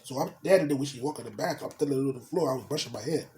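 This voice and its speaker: A man's voice: medium pitch, racing, heavy background noise. A man telling a crude personal story in casual slang, dropping in spoken sound effects. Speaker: storyteller vlogger.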